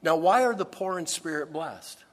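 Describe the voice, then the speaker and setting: A man preaching a sermon, earnest and emphatic, with dramatic pauses on key words. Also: on the high side, animated. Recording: long reverb of a large hall.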